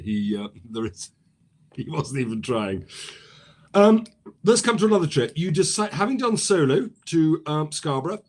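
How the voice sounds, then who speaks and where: Male interviewer, fairly high voice, relaxed questions, hesitant ums. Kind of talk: conversational interview hosting.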